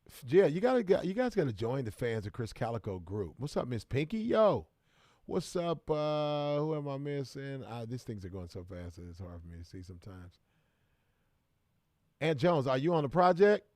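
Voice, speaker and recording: Midwestern man, casual livestream host, mid-pitched, dry close sound, shout-outs to chat. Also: very animated, moderate pace, dry recording. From Kansas City, American Midwest. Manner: loose and chatty, greets viewers by name with bursts of hype.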